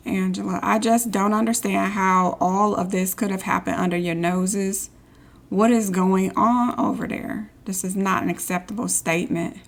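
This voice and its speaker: Woman streamer, mid pitch, reads in-game text aloud with dry sarcastic asides. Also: steady tone, unhurried, gravelly. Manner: sarcastic asides between read-outs. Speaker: gameplay streamer. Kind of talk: reading in-game posts aloud with commentary.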